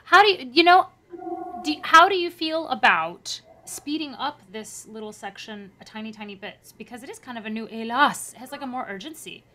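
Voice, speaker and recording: A woman with a bright, fairly high voice coaches a singer in a masterclass. She is encouraging and lively, and she demonstrates French phrases aloud as she gives notes. Her tone is clear and forward. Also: moderate pace. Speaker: voice teacher giving a masterclass.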